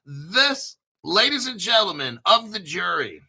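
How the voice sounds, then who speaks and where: A man's voice: high voice, lively intonation, a little slow, pushed and bright. A man hosting a crypto channel, reading a news article aloud in a rambling, boastful way, full of crude swearing and jokey asides.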